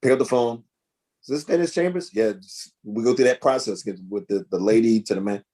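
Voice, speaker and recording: A man telling a lively story in a video call interview, acting out the voices of the people in it. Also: lowish voice, brisk. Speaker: guest drummer. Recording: choppy internet connection.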